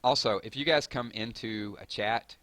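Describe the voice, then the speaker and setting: Speaking at normal speed in a fairly low, fairly bright voice with no echo, a man hosts a live stream. He chats casually and meanders through viewer comments, full of fillers and self-corrections as he restarts his sentences.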